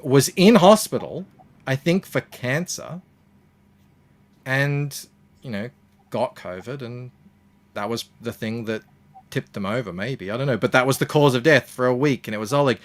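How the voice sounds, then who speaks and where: An Australian man talks as a guest in casual live-stream chat. He rambles, trails off and stays wry, at an everyday middle pitch. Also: unhurried. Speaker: guest, comics creator.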